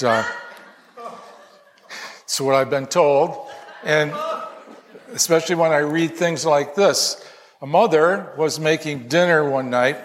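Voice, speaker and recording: A man's voice: mid-range voice, a little hiss or hum. A male pastor delivering a Sunday sermon, conversational and lightly humorous, reading aloud from Scripture. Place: church sanctuary. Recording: long reverb of a church hall.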